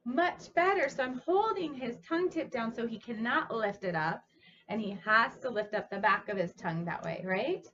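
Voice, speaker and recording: A woman's voice: on the high side, animated, normal speed, fairly bright tone, dull audio. A woman speech therapist demonstrating speech sounds, speaking patiently and encouragingly as she coaches a child. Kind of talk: instructional demonstration.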